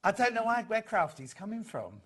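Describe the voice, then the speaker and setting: Male shopping-TV host, slightly high voice, jokey and off-the-cuff. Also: very animated, a little fast, a bit bright, slightly rough. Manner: chatty, jokey, stumbles over prices and names. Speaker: shopping channel presenter. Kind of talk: live TV selling chat.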